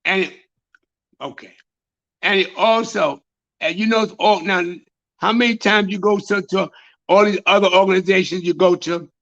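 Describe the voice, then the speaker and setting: A man preaching as a high priest, repeating phrases and building to shouts, on a dull lo-fi recording. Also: steady tone, normal speed, pauses often. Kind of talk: sermon.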